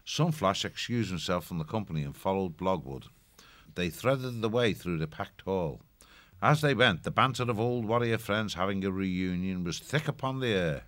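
Deep-voiced male audiobook narrator. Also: no room sound. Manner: steady, measured storytelling.

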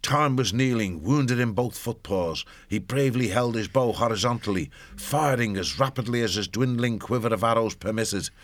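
A man narrating an audiobook in a steady storytelling manner. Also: medium pitch, normal speed, few pauses.

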